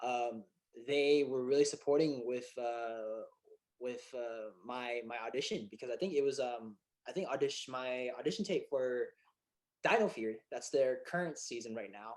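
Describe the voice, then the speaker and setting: A filmmaker and actor, this man is a guest in a relaxed interview, spinning stories in an excitable, animated way full of fillers and restarts. His pitch sits in the middle and his pace is moderate.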